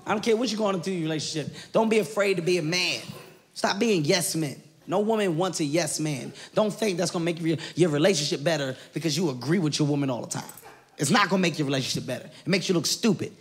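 A man doing stand-up comedy, brash and loud, swinging into shouts. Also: on the high side, fast talker. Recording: live show with laughing audience.

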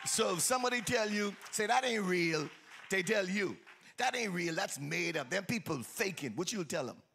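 A pastor with a high-pitched, gravelly voice speaks at normal speed, playfully calling out to his congregation in a sing-song, exuberant way during a lively sermon with call-and-response. There's slight background noise and a faint crowd in the church sanctuary.

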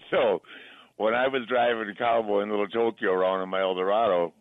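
A man's voice: fairly low pitch, fairly even intonation, moderate pace, no room sound, phone-quality sound. An older man hosting a podcast, rambling through chuckling anecdotes in casual chat. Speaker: podcast host.

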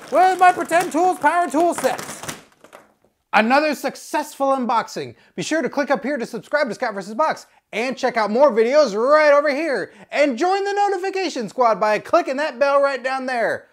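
Goofy, animated man unboxing toys. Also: very high voice. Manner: goofy, joking, full of wordplay and mock drama. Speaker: unboxing video host. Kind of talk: comedic unboxing monologue.

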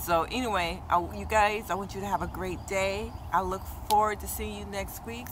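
A woman beauty vlogger in casual chatty talk, checking in with her viewers with "okay?" and getting animated and repetitive when excited. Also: medium pitch, normal speed, noisy background. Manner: animated, exclaims and repeats herself when excited; talks straight to her viewers with frequent "okay?". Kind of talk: casual chatty product review.

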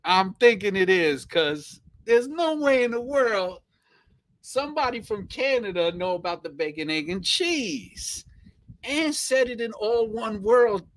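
A man's voice: high voice, expressive, unhurried. A man with a thick New York accent hosting a casual live stream, chatting playfully and reading viewer comments aloud, repeating phrases and chuckling often.

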